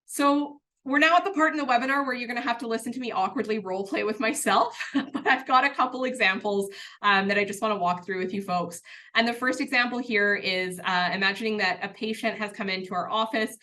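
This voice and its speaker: A woman's voice: fairly high pitch, a little fast, sharp tone. A woman presenting a workplace training webinar in an earnest, conversational way, with a touch of self-deprecating humour.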